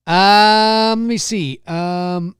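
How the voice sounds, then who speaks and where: This man's intonation is lively, and the clean studio recording has no echo. Running a live-streamed talk show, he reads out viewer comments and chats loosely, often restarting and repeating himself, occasionally switching to deep, slow impressions or squeaky high-pitched imitations.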